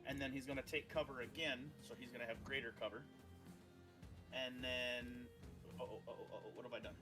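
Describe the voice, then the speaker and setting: A man's voice: mid-range voice, fairly even intonation, a little fast, over music. A man narrating a tabletop game as game master, rambling with many ums and uhs.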